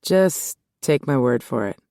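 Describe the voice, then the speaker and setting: A guarded, no-nonsense male cop, read by a woman in an audiobook, answering in short, low, clipped lines. The voice sits deep and close, with a dry, dead studio sound. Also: lively intonation, unhurried, warm tone, dry recording, full character voice. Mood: terse. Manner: curt, low and terse.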